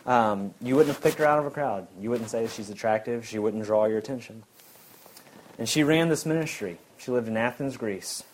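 A man's voice: mid-range voice, moderate pace, slight background noise, low-quality recording. A man preaching a sermon in an earnest, emphatic way, repeating his key points.

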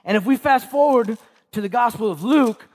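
A man with a strikingly high voice delivers a sermon. He preaches emphatically, circling back to repeat his key lines and checking in with the listeners through quick rhetorical questions. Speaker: pastor.

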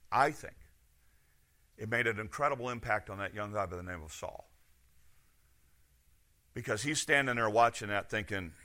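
A man delivers a lively sermon, firing off rhetorical questions. His voice sits a little high and rings bright and forceful, rising to loud points and dropping to hushed asides. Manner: animated, rhetorical questions, swings between loud and soft. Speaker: pastor.

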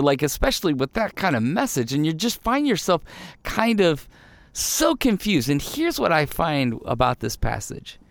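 A man's voice: fairly high pitch, no echo. A man preaching a conversational sermon, telling the story with animation and putting rhetorical questions to his listeners.

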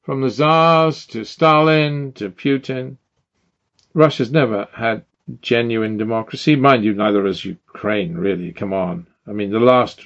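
Older british guy, slow indignant rant, lots of rhetorical questions, muffled lo-fi sound. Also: medium pitch, a bit bright. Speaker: commentator. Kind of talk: opinionated monologue. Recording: dull lo-fi sound.

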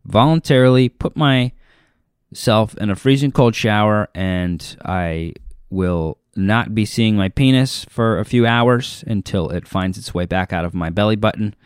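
A man's voice: lowish voice, unhurried, clean tone, no echo, studio quality. A young adult man hosting his own show as a stand-up comedian, rambling loosely through a self-deprecating comic monologue. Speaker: podcast host and stand-up comedian.

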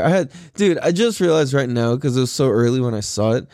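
A man's voice: medium pitch, animated, a little fast, mellow, no echo, clean studio sound. A tired young man hosting his own podcast, rambling in a laid-back way with lots of swearing, fillers and laughs. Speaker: podcast host. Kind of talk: casual solo podcast monologue.

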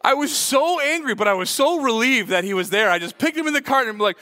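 Guy pastor preaching, high voice, acts out the yelling in his stories, echoey church hall. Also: quick pace. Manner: animated storytelling, acts out his own shouts. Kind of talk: sermon. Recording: long hall reverb.

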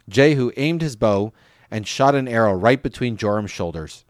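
A man reading a Bible passage aloud at a steady pace, with an occasional restart on a name or phrase. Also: mid-range voice, normal speed, dry recording, clean studio sound. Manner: steady reading, lifts voice for quoted speech. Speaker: scripture reader.

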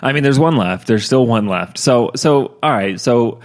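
A man's voice: mid-range voice, expressive, normal speed. A man co-hosting a casual chat, joking and swearing as he acts out quotes while retelling events.

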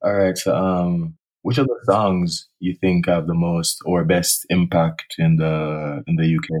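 A man's voice: sits low, little pitch movement, measured pace, a little mellow. A man with a Jamaican accent, a guest musician on a podcast, talking in an easygoing way with short agreeing replies. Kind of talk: casual chat.

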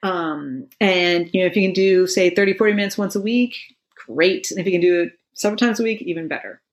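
Casting note: a middle-aged woman, relaxed talk-show guest, laughs a lot and says "you know" a lot. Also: lowish voice, a little fast. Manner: laughs often, many fillers like "you know". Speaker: meditation expert guest. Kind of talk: casual conversational explaining.

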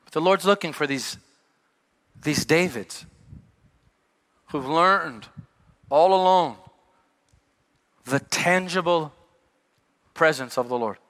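A middle-aged male pastor preaching a sermon, telling stories with sudden shouted peaks and quieter asides. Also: on the high side, takes it slowly, pauses often. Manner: animated storytelling with shouted peaks and dropped asides. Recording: long hall reverb.

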